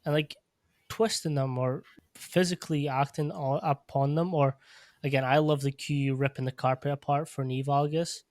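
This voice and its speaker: Fairly high-voiced male podcast host, measured and reflective, dry mic. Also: steady tone, darkish tone, no room sound. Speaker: podcast host, strength coach. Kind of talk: casual podcast conversation.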